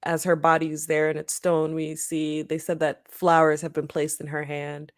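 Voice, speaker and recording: Low-voiced woman chatting about books. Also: completely flat delivery, dry recording, studio quality. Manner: laughs easily, pauses with ums while thinking. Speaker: book club podcast co-host. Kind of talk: casual chat.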